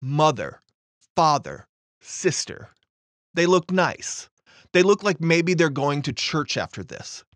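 A man's voice: on the high side, expressive, slow pace, a bit bright, no room sound. A man telling a first-person story in a matter-of-fact, understated way.

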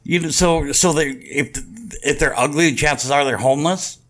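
A man hosting a podcast, telling profane stories in casual chat, with animated swings in his voice. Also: a little high, normal speed. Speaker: podcast host.

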